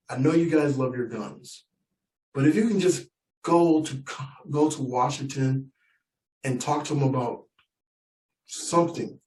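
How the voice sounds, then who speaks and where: A male stand-up comedian telling a story in a conversational way, often repeating "right?" and "I'm just saying". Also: mid-range voice. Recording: echoey room, distant mic, faint noise.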